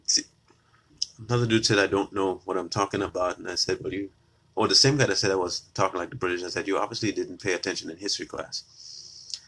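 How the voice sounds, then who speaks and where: With slight background noise, a deep-voiced political commentator speaks at a quick pace in a steady, somewhat bright tone. He confronts his viewers directly, repeating his opinions combatively for emphasis.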